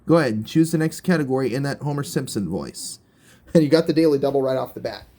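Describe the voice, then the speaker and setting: A man's voice: medium pitch, lively intonation, fairly quick, warm tone. A man hosting a homemade quiz show parody, using playful, teasing host patter.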